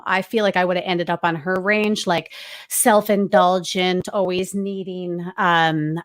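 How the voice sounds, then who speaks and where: A woman's voice: on the low side, fairly bright tone. A woman on a casual livestream panel, talking reflectively and often trailing off to restart her sentences.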